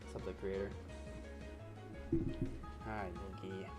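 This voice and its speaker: A man's voice: low voice, flat delivery, slow. A young man live-streaming a game from his home desk, chatting casually and pleading in exasperation with his cat. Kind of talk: casual live-stream chat while gaming. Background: game music.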